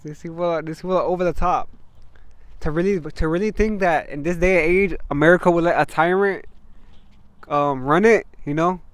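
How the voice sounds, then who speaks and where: A man's voice: fairly high pitch, smooth, no echo. A young man chatting casually as a guest, rambling and slangy, trailing off and restarting. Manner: rambling, slangy, fast-talking. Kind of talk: casual chat.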